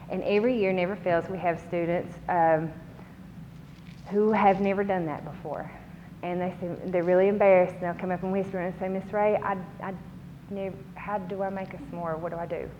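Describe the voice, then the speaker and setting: A woman with a Kentucky accent, a university student success director, speaking to an alumni audience and telling animated stories about campus life. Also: medium pitch, long reverb tail. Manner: animated storytelling, acts out quoted voices. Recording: dull lo-fi recording with faint background noise.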